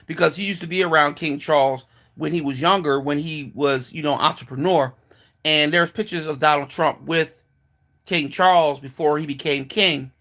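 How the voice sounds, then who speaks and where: A man's voice: a little high, a bit bright. A man giving a casual, blunt opinion monologue, mocking and profane, with lots of fillers and restarts. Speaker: commentator.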